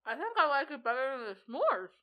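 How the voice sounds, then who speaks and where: A woman's voice: high voice, big pitch swings, fairly quick, dull audio. A young woman co-hosting a casual chat podcast, teasing and self-assured. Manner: playful, self-assured banter. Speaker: podcast co-host.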